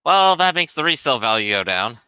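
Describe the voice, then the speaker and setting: A man's voice: medium pitch, sing-song, fairly quick, bright, forceful tone, clear, resonant tone. A man playing in a tabletop game, joking around playfully. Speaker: player. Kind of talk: casual game chat.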